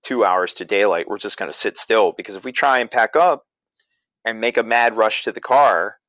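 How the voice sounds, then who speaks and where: A man with a lowish voice tells a story in an easygoing, rambling way, full of fillers and restarts. The sound is dry and close, with a dull, slightly lo-fi quality. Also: normal speed, fairly bright tone, dry recording. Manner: rambling, many "you know" fillers and restarts. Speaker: paranormal investigator and podcaster. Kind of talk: casual storytelling in conversation.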